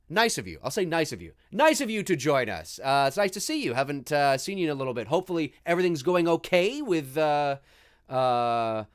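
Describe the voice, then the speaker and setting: A man talks over a film during his live stream, his voice sitting a little high for a man. He rambles in an easygoing way and swears freely as he reacts to what is on screen. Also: smooth. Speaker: host of a live movie commentary stream. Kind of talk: casual live-stream movie commentary.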